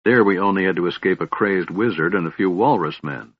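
Man doing a grumbling old dwarf, blunt and gruff, husky, lo-fi sound. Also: low voice, fairly quick. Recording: dull, lo-fi audiobook recording.

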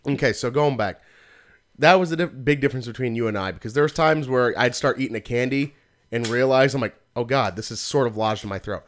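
A man in casual chat, slowly retelling a memory step by step and quoting his own thoughts. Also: mid-range voice.

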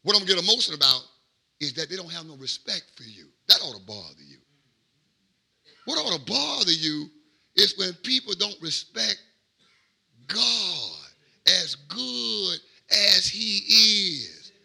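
A middle-aged man, a pastor, preaching a sermon in a rhythmic cadence that swings from quiet asides to shouted peaks. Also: sits high, very animated, a little slow, gravelly, husky.

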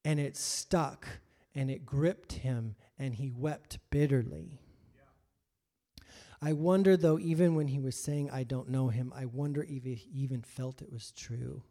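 A man delivers a sermon in an ordinary mid-pitched voice. He slips into the voices of the people in the story, and his volume climbs from soft asides to loud emphasis. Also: measured pace. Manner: acts out voices of biblical figures, swings from hushed to loud. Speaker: pastor.

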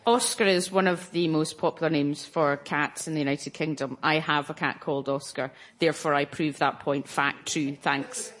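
Female panellist, lowish voice, chatty, faint noise behind. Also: steady tone, moderate pace, hardly any pauses, a bit bright. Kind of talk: panel show banter.

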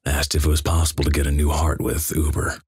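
A man with an extremely low, noticeably husky voice reads a greentext story aloud, talking fast in a flat, deadpan way. The audio is close and dry, with no room echo.

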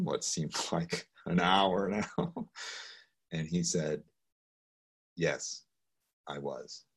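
A middle-aged man, appearing as a guest speaker via video call, tells a personal story in an interview. His low voice carries a breathy edge, and he comes across as earnest and hesitant, restarting often and laughing softly.

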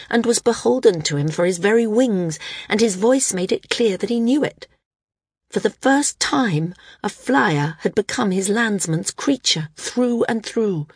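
A woman narrating a fantasy audiobook in a steady, measured way. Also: medium pitch, breathy edge, no echo, clean studio sound.

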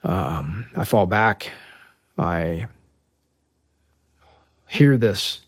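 Profane, animated male storyteller. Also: deep voice, very slow, no room sound, clean studio sound. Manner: animated, profane, acts out the dialogue. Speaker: podcast guest. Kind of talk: storytelling in a conversation.

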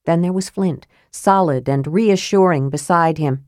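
A woman narrating a fantasy novel in a steady, even reading voice. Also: fairly low pitch, unhurried, no echo, clean studio sound. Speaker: audiobook narrator.

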